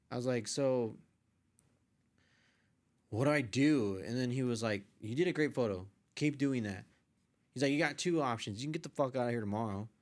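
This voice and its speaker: A young man, a podcast guest, casually telling a story with lively quoted voices and frequent swearing. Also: mid-range voice. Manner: animated retelling, acts out quoted voices, swears freely. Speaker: podcast guest, artist and photographer.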